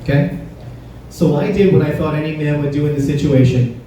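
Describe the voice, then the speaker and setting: A man's voice: fairly high pitch, fast, mellow. Man doing stand-up in an echoey club. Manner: conversational, crowd-teasing, punchy delivery. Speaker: stand-up comedian. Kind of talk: stand-up comedy set. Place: comedy club stage. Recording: roomy, distant club recording with faint noise.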